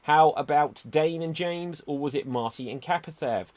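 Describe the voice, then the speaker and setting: A man hosting an online improv show, announcing rounds and votes in a brisk, upbeat way over a video call. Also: fairly high pitch, darkish tone.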